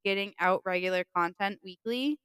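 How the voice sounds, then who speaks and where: A woman's voice: medium pitch, normal speed, fairly bright tone, clean tone, dry recording. Profane Boston woman co-hosting a podcast. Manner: profane, joking, loose storytelling. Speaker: podcast co-host. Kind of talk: casual chat.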